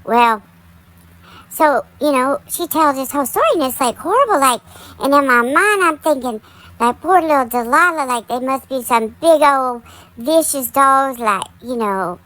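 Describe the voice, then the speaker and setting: Bright, chatty woman gossiping. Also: sits high, animated, moderate pace, poor audio. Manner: chatty, full of "like" and "y'all". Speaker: commentary channel host. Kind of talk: casual gossip commentary.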